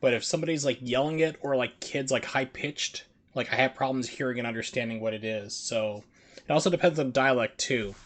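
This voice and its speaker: A man's voice: medium pitch, a little fast, a bit bright. Rambling male game streamer, chatty. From United States. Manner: rambling, filler-heavy chat with put-on voices. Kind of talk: casual gameplay commentary.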